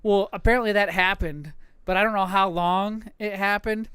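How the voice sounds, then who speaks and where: A man co-hosting a podcast, telling crude stories about home life in an animated, profane way and acting out other people's lines. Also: high-pitched, moderate pace, clear, resonant tone, dry recording. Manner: animated, profane, acts out his wife's lines. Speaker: podcast co-host. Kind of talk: casual crude storytelling.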